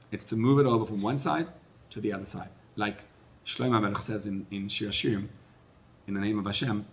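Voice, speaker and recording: A man, a rabbi, giving a sermon, rising to loud emphatic peaks and then dropping to quiet asides. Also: lowish voice, a little hiss or hum.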